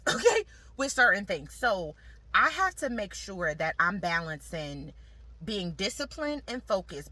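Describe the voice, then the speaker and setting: A woman's voice: mid-range voice, bright, forceful tone, husky. A young woman talking casually to camera in a lifestyle vlog, chatty and slangy, laughing often. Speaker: lifestyle vlogger.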